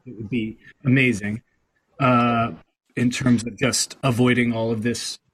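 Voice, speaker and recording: A man's voice: medium pitch, flat delivery, a little slow, a bit bright, husky, poor audio. A man hosting a casual chat, rambling along with many fillers and restarts.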